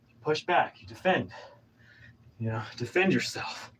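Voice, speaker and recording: A man's voice: mid-range voice, lively intonation, unhurried, noisy background. A man in his thirties, out of breath from exercising, giving a pumped-up, rambling motivational talk. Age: 30s. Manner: pumped-up, preachy, rambling with restarts. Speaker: vlogger.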